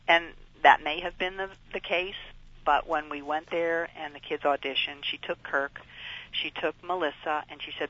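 Earnest middle-aged woman, bright voice. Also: deep voice, fairly even intonation, normal speed, dull audio. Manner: earnest, rambling with many fillers. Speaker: guest, mother of child actors. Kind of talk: storytelling in conversation.

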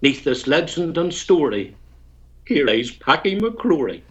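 A man with a Northern Irish accent tells a story and recites a rhymed poem as a guest. His voice sits a bit high, and it comes through a dull, lo-fi phone line. He chuckles between lines. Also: sing-song, unhurried, husky. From Tyrone, Northern Ireland. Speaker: guest poet.

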